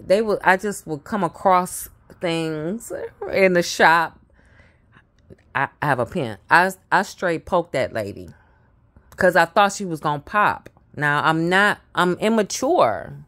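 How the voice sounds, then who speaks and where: Slow, low-voiced woman telling a story. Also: fairly bright tone. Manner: halting, repeats herself, drops to mutters. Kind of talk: casual personal storytelling.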